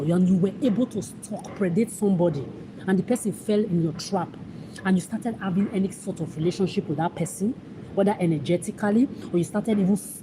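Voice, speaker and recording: A woman's voice: medium pitch, noisy background. A woman vlogger delivering an angry, accusatory monologue to camera in a ranting, contemptuous manner.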